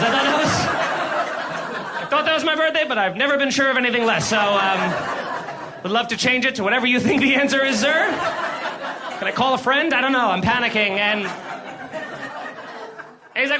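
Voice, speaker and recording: A man's voice: very high voice, brisk, pauses often, background noise. A man doing stand-up, telling a self-mocking story and acting out flustered panic. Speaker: stand-up comedian.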